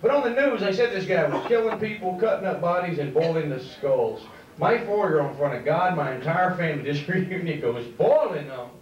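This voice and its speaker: A man performing a stand-up comedy set as a loud, laughing storyteller, on stage in a comedy club. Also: a little high, lively intonation, brisk, hardly any pauses. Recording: echoey, dull club recording from a distance.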